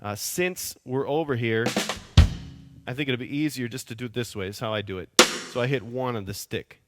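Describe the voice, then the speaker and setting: Drum instructor, male, calm patient explainer who counts beats aloud, voice sitting under a loud drum kit. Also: medium pitch, moderate pace, over loud music. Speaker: drum teacher. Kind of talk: step-by-step drum lesson. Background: drum kit played loudly.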